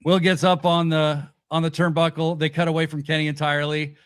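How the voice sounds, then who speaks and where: Man, casual review chat, slightly high voice, dry close sound, animated, swears casually. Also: fairly quick, smooth, no room sound. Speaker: podcast host.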